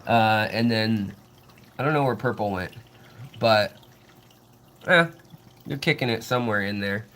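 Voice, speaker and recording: A man's voice: on the low side, unhurried. Rambling man giving a casual fish-tank tour. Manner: rambling, relaxed, many fillers and restarts; enthusiastic about the fish. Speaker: fishkeeping channel host. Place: home fish room with aquariums, indoors.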